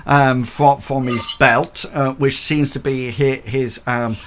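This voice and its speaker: A man's voice: medium pitch, steady tone, slow, a little hiss or hum. A man narrating as game master, hesitant and full of fillers.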